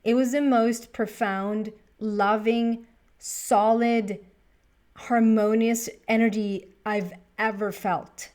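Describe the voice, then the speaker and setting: A woman's voice: fairly high pitch, steady tone, slow, a little mellow. A woman giving a casual tarot reading to her viewers, chatty and thinking aloud as she talks to the cards. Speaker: tarot reader.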